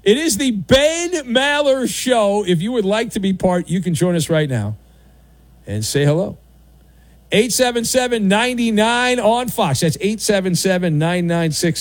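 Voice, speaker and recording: Male sports radio host, sarcastic rant, high lively voice, dry studio sound. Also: measured pace, dry recording. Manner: sarcastic, mocking, theatrical voices. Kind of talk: opinionated sports talk monologue.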